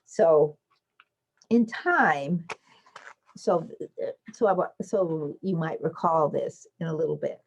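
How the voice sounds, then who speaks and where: A woman giving an online academic lecture with slides, explaining patiently and lifting into lively children's voices when she quotes them. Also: deep voice, slow pace, vocal fry, long pauses, breathy edge. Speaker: invited lecturer.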